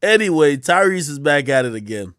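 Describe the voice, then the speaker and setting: A man hosts a live stream and mocks the clips he plays with sarcastic, animated commentary. His pitch swings widely as he reacts. The room sounds dry and close. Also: a little fast, clear, resonant tone, no room sound. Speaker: streamer host.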